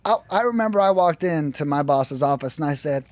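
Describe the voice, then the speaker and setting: Animated, profane American man. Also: on the high side, brisk, hardly any pauses, dry recording. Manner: animated, profane, jumps into quoted voices. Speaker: podcast guest, lead generation business owner. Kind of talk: casual storytelling interview.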